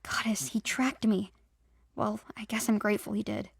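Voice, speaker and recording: A narrator puts on a young shifter woman in an audio drama, jumpy and defensive, flaring into defiance. Her voice sits high with a gravelly edge, recorded close and dry. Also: moderate pace, dry recording. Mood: fearful.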